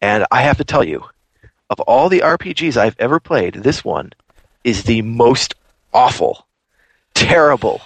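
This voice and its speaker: A man's voice: medium pitch, animated, a little slow, pauses often, a bit bright, dry recording. A man hosting a podcast, ranting animatedly in casual chat. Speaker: podcast host.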